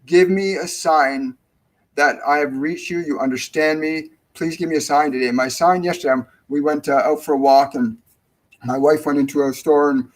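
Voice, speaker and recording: A middle-aged man with a slightly high voice hosts a live-stream spiritual Q&A from home. He rambles warmly, restarts sentences and repeats key phrases for emphasis. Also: fairly even intonation, normal speed, rough recording. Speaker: spiritual medium, show host.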